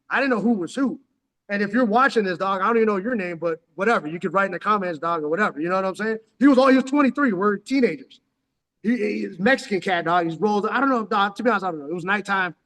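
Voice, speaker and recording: A man's voice: high-pitched, a bit bright. A man in his forties from San Diego telling a story in casual, slangy, profane talk that is full of "dog". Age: 40s. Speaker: vlogger. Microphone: headphones on. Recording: long echoing reverb.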